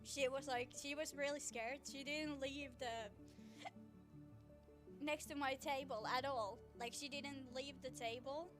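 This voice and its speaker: High-voiced gushing woman streamer. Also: a little slow, over music. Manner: gushing and excitable, swears, many restarts. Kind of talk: casual live-stream chat. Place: at home. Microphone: streaming setup mic.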